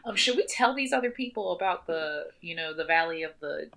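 Giggly, chatty woman at a game table, low-pitched, bright tone. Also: lively intonation, fairly quick, gravelly. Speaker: player. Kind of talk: casual tabletop role-play.

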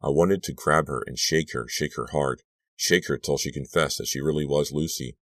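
A man narrating an audiobook in a measured, dramatic first-person reading. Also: extremely low pitch, dry recording. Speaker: audiobook reader.

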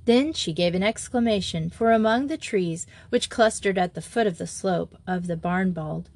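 A woman narrating a children's story in a measured reading voice. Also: lowish voice, darkish tone. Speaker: audiobook narrator. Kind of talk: scripted narration.

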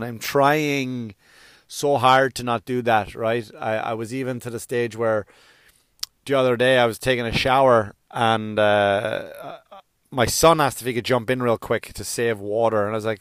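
A man's voice: mid-range voice, fairly bright tone, smooth, dry recording, clean studio sound. A middle-aged man hosting his own podcast, rambling through a comedic monologue with self-deprecating asides and sudden sung outbursts. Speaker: podcast host. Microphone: podcast microphone.

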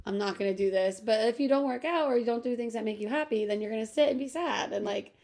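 A young woman co-hosts a casual podcast. Her voice sits a little high, and she tells her stories in a chatty way with plenty of "like"s and laughs along the way. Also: fast talker, creaky, darkish tone. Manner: chatty storyteller, many "like" fillers, laughs often. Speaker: podcast co-host. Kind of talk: casual chat.

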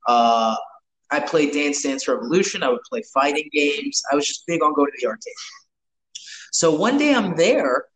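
A man's voice: a little high, animated, normal speed, fairly bright tone, rough recording. A man, telling rambling, profane stories with lots of restarts in a casual chat. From New York.

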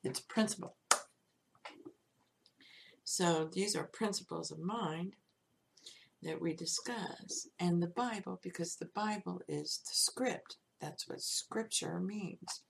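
A woman's voice: fairly low pitch, a little hiss or hum. A woman hosting her own podcast, talking through life lessons in a plain-spoken, reflective monologue. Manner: slow, gravelly, plain-spoken. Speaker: podcast host.

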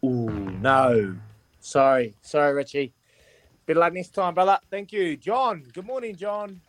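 A New man hosting a radio quiz, sounding cheery and matey. His voice sits slightly high for a man. The studio sound is dry and close. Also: a little slow, fairly bright tone, no room sound. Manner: cheery, matey, counting down answers.

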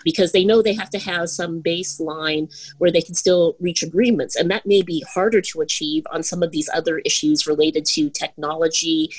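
A middle-aged woman answering interview questions in a measured, explanatory way, often saying "you know". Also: sits low, steady tone, breathy edge, low-quality recording. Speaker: guest, head of global research at a bank.

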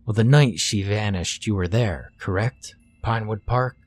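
A man reading as a gruff mumbling detective. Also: normal speed, soft background music, close to an everyday voice. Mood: blunt. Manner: low mumbling, blunt. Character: weary, wary middle-aged male detective.

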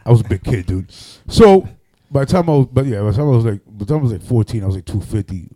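A man, a radio personality and MC, telling loud, animated stories on a podcast and swearing often. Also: medium pitch, fast talker. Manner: animated, loud, acts out other people's voices, swears often. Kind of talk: casual storytelling on a podcast.

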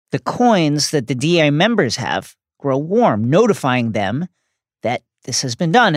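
Playful woman with a lively, bouncing voice. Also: low-pitched, no echo, clean studio sound. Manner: playful, jokey narration with slang asides. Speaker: podcast co-host. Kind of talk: scripted book recap.

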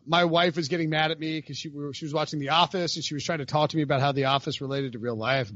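A man's voice: a little high, rapid-fire, hardly any pauses, a bit bright, no echo. Rambling man hosting, dull dry sound. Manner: rambling, laughing, many restarts. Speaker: podcast host. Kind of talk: casual chat.

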